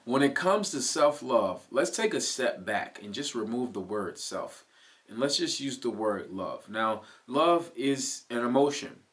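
A man's voice: mid-range voice, lively intonation, measured pace, fairly bright tone. Earnest man giving a motivational talk. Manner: earnest, repeats key phrases, coaxing "right?" asides. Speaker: motivational speaker. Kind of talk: motivational self-help talk.

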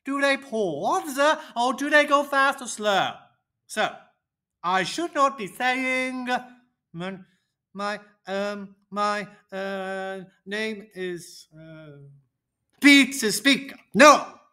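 A performer voicing a cheerful, confident teacher character who coaches children on speaking, in slow, deliberate, teacherly roleplay. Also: high-pitched, bright, forceful tone, heavily acted. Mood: upbeat.

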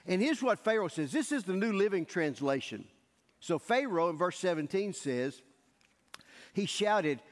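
A male pastor preaching a sermon in a church sanctuary, telling the story in an animated way and acting out the scenes. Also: sits high, unhurried. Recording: echoey church hall.

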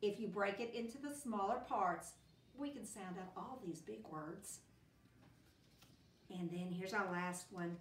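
Slow, patient woman teaching phonics. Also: mid-range voice. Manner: slow, patient, sounds words out in chunks. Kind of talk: phonics lesson for young children. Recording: roomy, distant classroom recording with faint hiss.

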